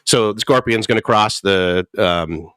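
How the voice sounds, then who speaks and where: A man's voice: on the low side, measured pace, fairly bright tone, clean tone, no room sound, clean studio sound. A man in his fifties in recovery, telling his story candidly and animatedly, often chuckling and acting out quotes. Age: 50s. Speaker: guest speaker in recovery. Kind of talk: candid personal talk.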